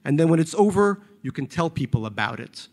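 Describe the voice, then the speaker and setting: A man reading aloud, voicing a calm, blunt male former employee who speaks in a level, reproachful way. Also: fairly high pitch, fairly quick. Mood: dry.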